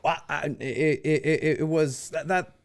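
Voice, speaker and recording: A man's voice: on the high side, fairly even intonation, unhurried. A man hosting a podcast interview, chatting casually and rambling, often repeating words as he stumbles over his sentences. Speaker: podcast host.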